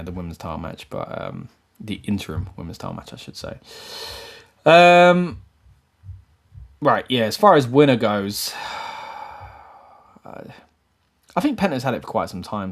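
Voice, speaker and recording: A man hosting a live wrestling show, giving rambling, self-correcting predictions that rise into animated questions. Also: fairly low pitch. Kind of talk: live-stream commentary and predictions.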